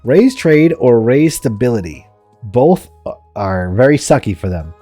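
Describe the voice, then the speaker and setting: Excitable, jokey man streaming a game. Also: mid-range voice, a little slow, dry recording, faint music behind. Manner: excitable, jokey, laughing often. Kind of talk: game commentary and reading.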